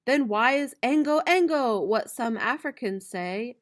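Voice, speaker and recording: A young woman teacher reads a picture book aloud to her class at an unhurried pace. Her voice sits a little high, and she bursts into bright, loud imitations of roosters, trains and dogs. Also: expressive. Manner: slow, playful reading with bright, loud animal-sound imitations.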